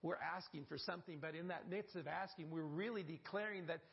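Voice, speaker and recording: A man's voice: on the high side, fairly quick, vocal fry, muffled recording. A male pastor, delivering a sermon and drawing the congregation into call-and-response. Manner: call-and-response preaching, prompting the congregation to repeat.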